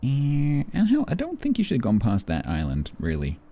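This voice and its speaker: A man's voice: mid-range voice, huge pitch swings, normal speed, mellow, lo-fi sound, slight background noise. A man streaming a naval game, chatting casually and thanking viewers as he plays. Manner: chatty, thanks viewers between play remarks. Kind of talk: casual live-stream chat.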